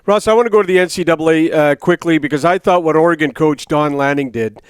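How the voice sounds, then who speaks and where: A sports radio co-host who asks rambling, good-humored questions in a studio. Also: male voice, fairly high pitch, quick pace, clean tone, dry recording. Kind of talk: casual radio interview banter.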